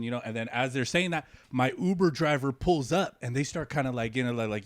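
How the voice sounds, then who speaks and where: A man co-hosting a comedy podcast, telling a story in animated street slang and laughing as he goes. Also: medium pitch, very fast, no echo. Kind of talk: casual storytelling. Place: podcast studio.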